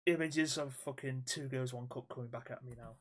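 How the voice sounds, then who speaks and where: A man's voice: mid-range voice, fairly even intonation, brisk. A man co-hosting a casual podcast, giggling and swearing in loose banter. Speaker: podcast co-host.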